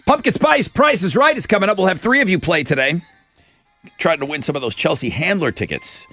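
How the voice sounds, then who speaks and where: A man's voice: high voice, animated, brisk, fairly bright tone, faint music behind. A man hosting a morning radio show, joking with co-hosts in a studio and doing live ad reads.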